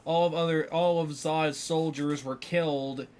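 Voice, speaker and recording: A man hosts a solo podcast in a fired-up, rambling way. He leans on filler words and often restarts his sentences. His voice sits a touch high for a man. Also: unhurried, clear, resonant tone. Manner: animated ranting, heavy filler words, frequent restarts. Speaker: podcast host. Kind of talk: casual solo commentary.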